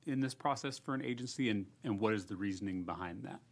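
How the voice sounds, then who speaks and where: A man speaks at a legislative hearing, building up points with earnest, rhetorical questions. His voice sits low. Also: fast. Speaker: state legislator. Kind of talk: committee hearing remarks.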